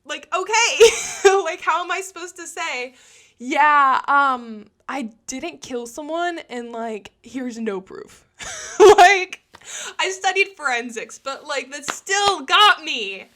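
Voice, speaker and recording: A young woman with a high, bright voice chats through a storytime tale. She says "like" constantly and laughs easily as she talks. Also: lively intonation, slow pace. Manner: chatty, peppered with "like", laughs often. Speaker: storytime vlogger. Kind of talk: casual storytime.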